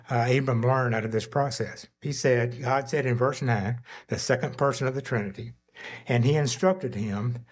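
A man with a somewhat husky voice preaches in a relaxed, conversational way. He pauses often with fillers and lifts his voice to act out quoted lines within the sermon. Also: medium pitch. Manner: conversational preaching with frequent fillers, voicing God and Abram in quotes. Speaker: pastor.

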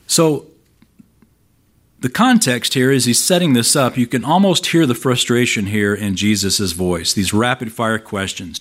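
A man delivers a sermon in an easy, conversational tone, breaking down a scripture passage for his listeners. His voice sits at a middle pitch, and he punches up the quoted lines as he reads them aloud. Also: expressive, measured pace, a bit bright. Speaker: pastor.

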